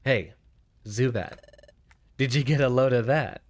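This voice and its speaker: A man's voice: medium pitch, unhurried, close to an everyday voice. A man doing a sneering Brooklyn gas-monster thug. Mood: mocking. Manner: mocking, tough-guy swagger.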